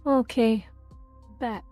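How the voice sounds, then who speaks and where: Exasperated woman streamer, warm tone. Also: on the high side, dry recording. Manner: exasperated, repeats herself, rants aloud. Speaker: livestream host. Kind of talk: casual livestream chat.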